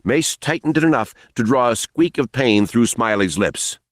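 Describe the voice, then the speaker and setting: A man reading a novel aloud as audiobook narrator, expressive and dramatic. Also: mid-range voice, moderate pace, dry recording, studio quality.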